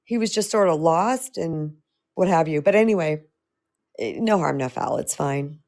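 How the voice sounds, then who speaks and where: A middle-aged woman host telling a personal story in a chatty, animated way, laughing often. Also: low-pitched, moderate pace. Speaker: host and self-love coach. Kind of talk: storytelling talk.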